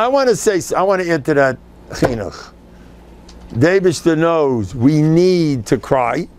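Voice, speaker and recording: An older man giving an informal, animated Torah class as a rabbi, sprinkling Yiddish and Hebrew phrases. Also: fairly high pitch, slight background noise.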